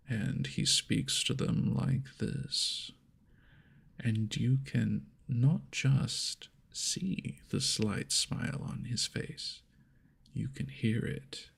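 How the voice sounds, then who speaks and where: A man hosting a whispered ASMR chat into an ears mic, soft and rambling, laughing at himself. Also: mid-range voice, vocal fry, slightly rough. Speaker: ASMR channel host. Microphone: homemade binaural ears mic.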